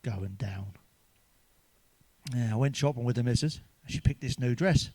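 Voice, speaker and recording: A man's voice: medium pitch, steady tone, fairly quick, a little mellow. A man telling crude stand-up jokes in a chatty, swearing manner, ending with tag questions. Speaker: stand-up comedian.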